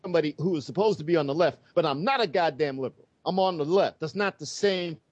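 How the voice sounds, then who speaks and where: Talk show host, male, angry and profane political monologue, slightly high voice. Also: fast, no echo. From United States. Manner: heated, profane, emphatic. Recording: dull lo-fi sound.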